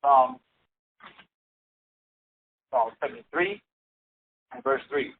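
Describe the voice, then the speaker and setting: A participant reading Bible verses aloud slowly, stumbling over words at times. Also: medium pitch, very animated, creaky. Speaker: scripture reader in a Bible study. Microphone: phone. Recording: phone-line radio call.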